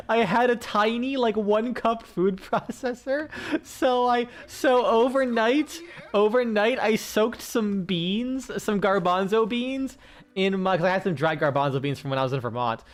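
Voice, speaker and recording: A high-voiced, tired man chats casually while streaming a game. He rambles excitably, swearing and laughing a lot.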